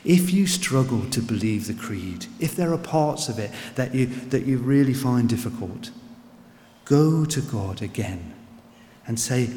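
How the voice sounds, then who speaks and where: A man preaching a sermon in an earnest, unhurried way, repeating words as he goes. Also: medium pitch, animated, mellow. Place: church. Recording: echoey church with long reverb.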